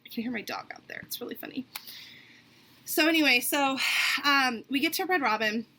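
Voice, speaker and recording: Young woman, vlogger, animated storytime rant; bright, higher voice with lively swings. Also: moderate pace, gravelly, slight background noise. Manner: animated, acts out other people's lines; casual, lots of "like".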